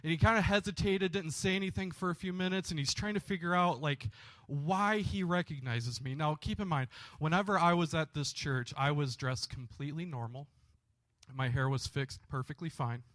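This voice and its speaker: A man's voice: a little high, brisk, a bit bright, no room sound. A man with a Southern US accent telling a personal story in church, conversational and full of "you know" fillers. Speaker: church speaker. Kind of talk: storytelling testimony.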